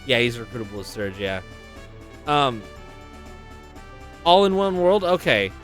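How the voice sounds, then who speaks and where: A man's voice: medium pitch, big pitch swings, measured pace, fairly bright tone, faint music behind. A man streaming a playthrough of a game, talking casually with profanity and wry exasperation.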